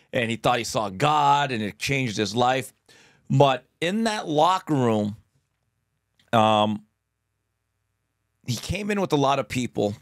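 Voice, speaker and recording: A man's voice: mid-range voice, no room sound, clean studio sound. A man hosting a podcast, telling boxing stories in casual chat and acting out the people he quotes. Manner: animated storyteller, acts out quotes loudly. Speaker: podcast host.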